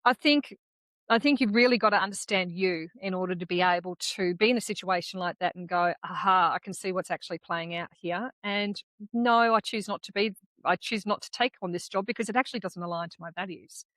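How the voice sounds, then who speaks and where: An Australian woman co-hosting a podcast, chatting casually and telling candid, animated stories with the odd swear word. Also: lowish voice, fairly quick, no echo. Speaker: podcast co-host. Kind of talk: casual conversational chat.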